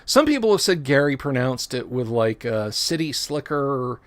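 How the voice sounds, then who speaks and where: A middle-aged man hosts a relaxed livestream chat at an ordinary, middling pitch. He talks in a loose, rambling way, circling back to fix his own words as he goes. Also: normal speed. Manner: rambling, self-correcting, chatty. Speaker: livestream host.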